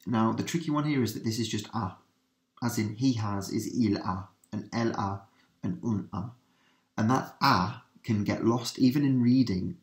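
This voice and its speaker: Lower-voiced teacher, repetitive emphasis. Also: male voice. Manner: repeats key words for emphasis, breaks into slow French examples. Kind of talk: revision lesson.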